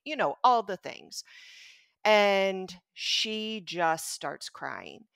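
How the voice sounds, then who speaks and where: This middle-aged woman is a pediatrician on a podcast, reflecting earnestly on a personal story in conversation and becoming animated as she quotes others. She talks slowly in a lowish, smooth, creaky voice. The recording is dry and studio quality.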